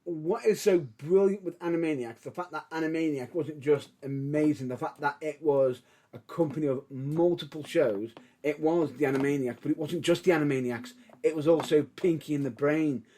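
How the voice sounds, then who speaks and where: Enthusiastic man, fairly high voice. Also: moderate pace, mellow. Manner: enthusiastic, rambling with many restarts. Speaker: podcast co-host. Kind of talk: casual chat.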